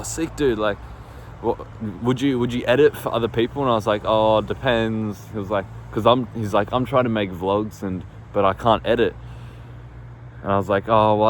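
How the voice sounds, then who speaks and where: Guy rambling to his phone outside, lotsa "like" and cursing, bit low voice, faint traffic behind. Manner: rambling, lots of fillers and swearing, laughs often. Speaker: vlogger. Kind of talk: casual storytelling to camera. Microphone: phone on small tripod. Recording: faint street and traffic noise.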